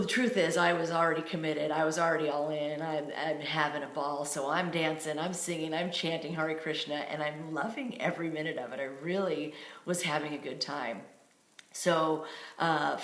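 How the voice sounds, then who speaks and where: A woman coach telling a personal story in a dramatic, animated way. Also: low voice, roomy sound. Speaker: authenticity coach.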